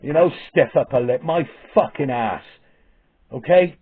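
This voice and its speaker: A man's voice: a little high, slightly rough. A man with a heated, profane, stop-start manner, ranting to camera through tinny phone-like audio. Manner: swearing, heated, halting restarts. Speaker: vlogger. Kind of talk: angry profane rant.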